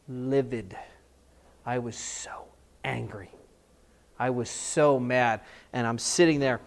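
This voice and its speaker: Man preaching, storytelling sermon, animated, acts out voices. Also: on the high side. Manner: animated storytelling, acting out scenes in different voices. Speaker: pastor.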